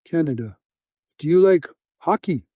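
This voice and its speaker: A man doing a gruff Russian soldier in broken English. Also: fairly high pitch, lively intonation, no echo, phone-quality sound. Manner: clipped, halting English, blunt.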